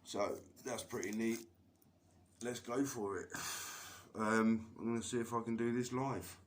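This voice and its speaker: A man's voice: medium pitch, steady tone, measured pace, a little hiss or hum. A man telling a long rambling story on a live stream, swearing constantly and laughing between lines. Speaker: livestreamer.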